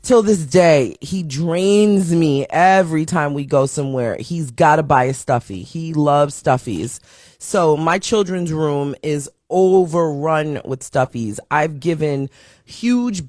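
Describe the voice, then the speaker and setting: A woman hosting a live stream show, talking casually with a raspy morning voice, reading and answering viewer comments and greeting people as they join. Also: low voice, animated, takes it slowly, no room sound, clean studio sound. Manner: playful sing-song shout-outs to viewers joining.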